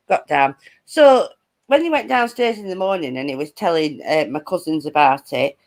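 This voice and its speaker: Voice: medium pitch, normal speed. A speaker with a Lancashire accent from northwest England, telling a story as a guest in a casual chat. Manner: lively anecdote-telling, many fillers.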